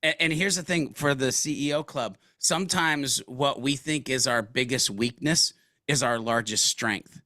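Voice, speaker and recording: A man speaks as an interview guest, his voice bright and forward. He tells stories in a casual, slangy way and acts out other people's lines. The sound is dry and close, with no room echo. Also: medium pitch, measured pace. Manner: animated storyteller, casual slang, acts out quotes. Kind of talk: conversational business interview.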